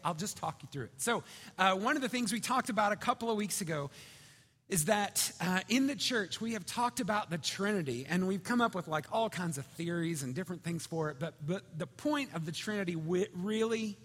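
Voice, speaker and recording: A man preaching a sermon in a conversational, storytelling way, swinging between loud and hushed. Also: sits high, fairly quick. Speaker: pastor. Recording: reverberant hall.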